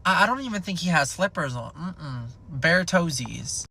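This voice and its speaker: A man's voice: fairly high pitch, normal speed. A young man telling a comedic storytime in a casual, rambling, profane way, packed with "like". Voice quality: gravelly fry. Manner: rambling, profane, animated, filled with "like".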